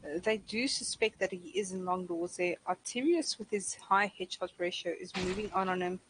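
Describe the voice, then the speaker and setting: A woman's voice: on the low side, moderate pace, fairly bright tone. A woman doing live esports commentary and chatting with viewers. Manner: chatty, talks to the chat. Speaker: esports caster. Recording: noisy stream audio.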